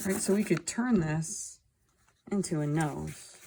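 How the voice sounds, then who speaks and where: A woman's voice: low-pitched, takes it slowly, creaky, dark tone, a little hiss or hum. A woman teaching a drawing lesson, talking through each step as she draws. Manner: talking while drawing, thinking aloud. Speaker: art teacher. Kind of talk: drawing demonstration.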